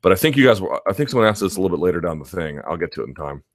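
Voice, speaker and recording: A man's voice: low-pitched, animated, very fast. A man hosting a live chat stream, answering viewer questions in a loose, rambling conversational way with restarts and asides.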